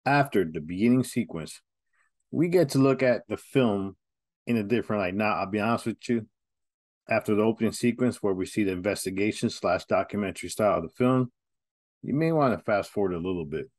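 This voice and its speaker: A man hosts a laid-back horror film review, chatting candidly straight to his audience. His voice sits a touch low, and the recording is dry and close. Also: fairly quick, a little mellow, no room sound. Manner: chatty, candid, direct to viewers. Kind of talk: casual review talk.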